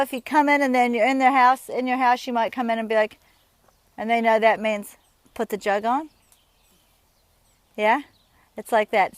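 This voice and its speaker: Speaking from the saddle at a rural horse yard, a woman with a slightly high voice gives instruction while riding. Her explanations are friendly and chatty, full of everyday examples, and there's no echo.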